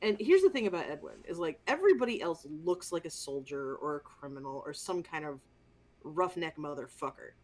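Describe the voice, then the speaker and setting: Woman podcast co-host, casual movie chat, animated, profane, exasperated. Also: sits low, a little fast.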